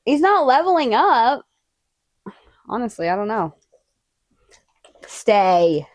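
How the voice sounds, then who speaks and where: A woman livestreaming in casual chat with her viewers, animated, swearing freely and talking to her dogs. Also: sits high, moderate pace.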